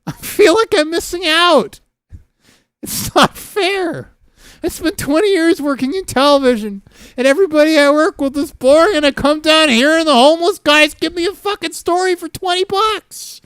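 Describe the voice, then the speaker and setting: A man's voice: very high voice, moderate pace, fairly bright tone, no echo, clean studio sound. A middle-aged Canadian man with a Canadian accent, hosting a casual livestream and talking in a rambling, profane way with frequent laughter. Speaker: livestream host.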